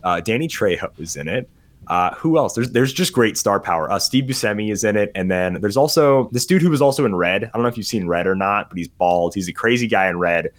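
A podcast host chats casually about movies he's watched, rambling, getting sidetracked and laughing often. His voice is fairly low, expressive and brisk.

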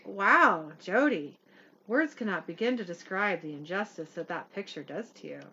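A smooth-talking male demon who flatters and schemes, as a woman reads his lines in her own mid-pitched voice. The recording sounds a little dull and lo-fi. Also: normal speed, exaggerated voice.

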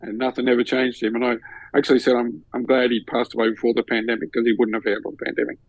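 A man's voice: medium pitch, quick pace, no echo, muffled recording. An Australian man co-hosting a podcast, telling a story in casual chat and acting out the voices of the people in it with laughter. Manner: animated, acts out quoted voices with laughter. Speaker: podcast co-host.

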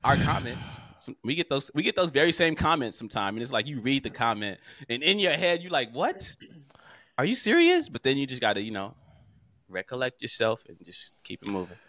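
A man co-hosting a casual podcast talks with a bright, forceful tone. He rants in an animated way and slips into mocking voices of online commenters. His sound is close and dry. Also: medium pitch, brisk, no room sound. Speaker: podcast co-host.

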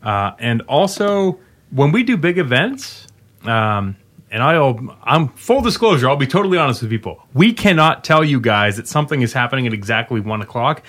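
A man's voice: medium pitch, big pitch swings, moderate pace, fairly bright tone. A man hosting a casual podcast about game updates, chatty and rambling with many fillers, sometimes slipping into a radio-announcer tone. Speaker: game developer podcast host.

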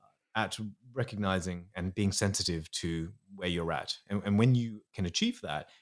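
He's a psychologist guesting on a podcast, his voice low and his pace normal. His manner is earnest and explanatory, with occasional moments where he acts out inner voices.

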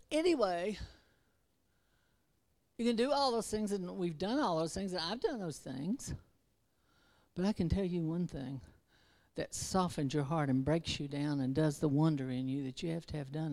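Woman preaching, kinda rambly and chatty, low voice, gets fervent. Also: normal speed, vocal fry, warm tone. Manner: rambling, conversational, rising to fervent exhortation; self-interrupting, restarts verses. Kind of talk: informal sermon.

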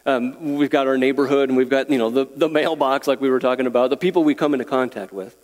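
A man's voice: mid-range voice, fairly even intonation, fast, a little mellow. A man preaching a sermon as pastor, earnest, chuckling and repeating words as he makes his points. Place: church sanctuary. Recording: long reverb of a church hall.

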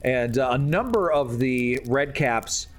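Loose male game master, animated pitch, casual narration. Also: takes it slowly.

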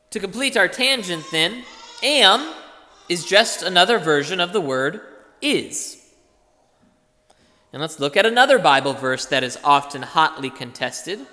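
A man preaching a sermon as pastor, explaining things in a deliberate teaching way. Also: sits high, bright, forceful tone. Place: church. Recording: long reverb of a church hall.

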